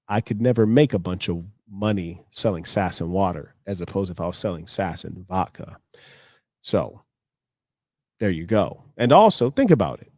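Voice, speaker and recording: A man's voice: low-pitched, a little mellow, no echo, clean studio sound. An American man streaming live, lecturing his viewers in a confrontational monologue. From United States.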